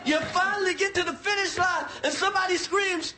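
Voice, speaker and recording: A man doing a stand-up monologue on a TV studio stage, loud and repeating his punchlines. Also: very high-pitched, fairly even intonation, fairly quick, heavy background noise. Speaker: stand-up comedian. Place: TV studio stage with live audience. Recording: live show with loud crowd laughter. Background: audience laughing and cheering.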